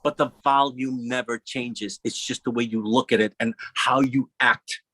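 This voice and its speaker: A man speaking on a panel in a casual, animated, profane way, acting out little quoted voices. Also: medium pitch, normal speed, no room sound.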